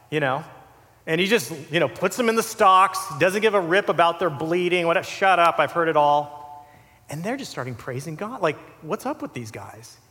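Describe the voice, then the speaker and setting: A man preaching with a high, lively voice that swings up and down as he talks. He keeps it conversational and animated, tossing in asides as he goes. His words ring out with a long reverb, as in a big church hall. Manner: animated, conversational, with asides and filler "you know". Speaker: pastor. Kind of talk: sermon.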